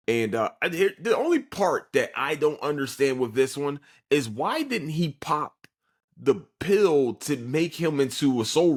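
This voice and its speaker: A man hosting a podcast, casually recapping an anime episode with lots of swearing and quick put-on character voices. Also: mid-range voice. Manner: animated storyteller who acts out characters in quick put-on voices; swears freely, loose and joking.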